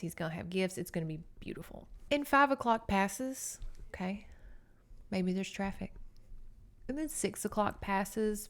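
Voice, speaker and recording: A woman with a Southern US accent hosting a podcast, recapping a book in a chatty, sarcastic way full of asides. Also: lowish voice. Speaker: podcast host.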